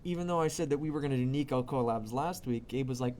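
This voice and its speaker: A man's voice: mid-range voice, fast, few pauses, slight background noise. A young man in his twenties hosting a virtual open mic over a video call, gushing and giggling often. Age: 20s. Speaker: host. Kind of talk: casual show hosting.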